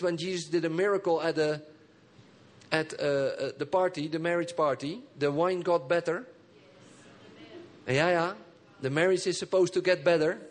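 A man preaching a sermon as pastor. He calls for responses from the congregation and swings between soft, low phrases and emphatic high bursts. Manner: engages the congregation with call and response.

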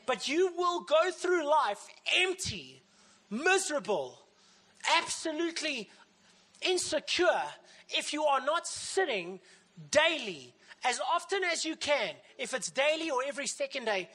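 A woman pastor delivering a sermon with a bright, crisp edge to her voice. She preaches with animation and keeps slipping into the voices of the people she quotes. Her delivery stays expressive and engaged throughout. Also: high-pitched, measured pace.

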